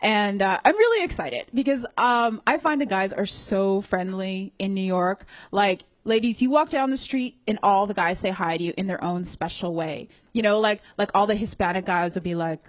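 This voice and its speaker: A woman's voice: medium pitch, normal speed, few pauses, no room sound, muffled recording. A young woman with a Canadian accent doing a self-deprecating stand-up comedy set on a club stage, chatty and full of fillers. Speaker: stand-up comic.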